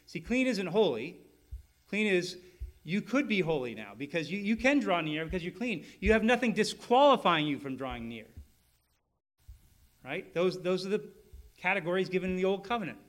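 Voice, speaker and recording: Man, pastor, sermon, slightly high pitch, explanatory, conversational. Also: fairly bright tone. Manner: restarts often, asks "right?" to the listeners, explains step by step.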